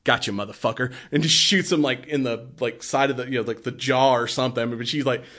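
A man's voice: medium pitch, fairly even intonation, brisk, a bit bright. A man in casual chat who rambles, swears freely and laughs a lot while recapping a film. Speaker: podcast co-host.

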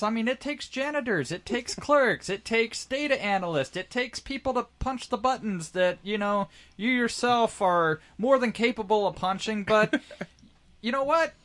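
A man's voice: sits high, fairly bright tone. A man co-hosting a podcast, bantering casually with jokes and mock bravado. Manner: joking, mock-pompous banter. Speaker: podcast co-host. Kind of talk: casual chat.

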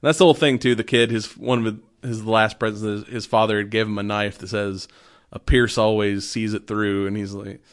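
A man's voice: fairly low pitch, fairly even intonation, brisk. A man recapping a movie in a loose, rambling way, full of fillers. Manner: rambling, filler-heavy storytelling. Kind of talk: casual movie recap chat.

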